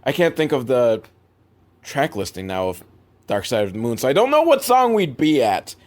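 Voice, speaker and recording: A man's voice: very animated, normal speed. A young man recapping a film for laughs, in a mid-range voice that suddenly leaps up when he gets worked up. He rambles, doubles back and drops sarcastic asides. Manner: rambling, sarcastic, big swings in pitch. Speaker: movie reviewer.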